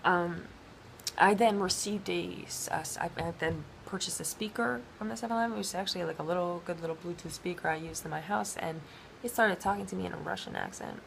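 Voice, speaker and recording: A woman with a lowish, gravelly voice tells a rambling personal story. She speaks haltingly, stumbling over restarts and fillers. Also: slight background noise.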